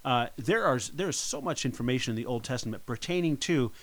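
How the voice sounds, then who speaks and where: A man's voice: medium pitch, expressive, quick pace, fairly bright tone. Man hosting a Bible-teaching podcast. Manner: conversational, with frequent restarts. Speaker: podcast co-host.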